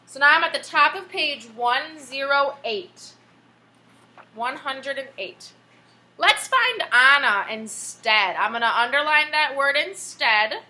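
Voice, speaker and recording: A woman's voice: sits high, unhurried, sharp tone. A woman elementary teacher leading an online class on a video call, patient and encouraging with young students. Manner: patient, encouraging, asks questions. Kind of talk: online class read-aloud.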